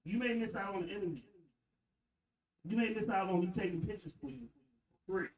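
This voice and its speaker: A man's voice: high voice, brisk. A man co-hosting a casual podcast, talking bluntly and teasing the others. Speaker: co-host. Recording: echoey, distant from the mic.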